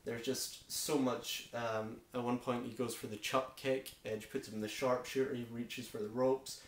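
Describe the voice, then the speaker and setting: A man's voice: medium pitch, little pitch movement, moderate pace. Man, Scottish accent, casual review, opinionated, enthusiastic, lots of ums, echoey room. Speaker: wrestling show reviewer.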